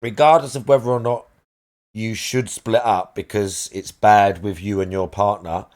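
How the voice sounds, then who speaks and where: A man's voice: on the low side, fairly even intonation, normal speed, darkish tone. A man streaming a game live, chatting casually and rambling as he searches aloud for the right words. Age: adult parent.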